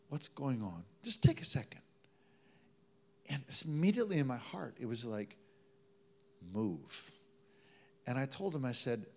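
A man preaching a sermon, telling a story with acted-out quotes, dropping to hushed tones and building to loud emphatic preaching. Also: medium pitch, gravelly. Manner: drops in Malay travel words.

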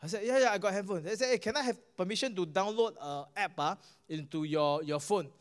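A man's voice: high-pitched, smooth. A male pastor with a Singaporean English accent, preaching a sermon and telling a healing story, often asking the crowd "guess what?" and stumbling over repeated words. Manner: animated preaching, asks the crowd "guess what?" and "all right?"; halting restarts and repeated words.

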